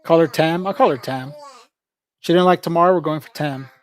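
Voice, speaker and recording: A man's voice: a little high, normal speed. A man livestreaming in a casual, rambling chat, joking with viewers, laughing often and calling people "bro".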